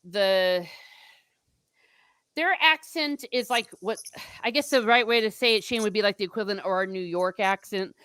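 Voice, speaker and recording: Female host from Ireland, chatty livestream talker, bright tone, dry close sound. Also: medium pitch, normal speed, clear, resonant tone, dry recording. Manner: chatty and rambling, reading out viewer comments. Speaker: book discussion host. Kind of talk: casual livestream chat.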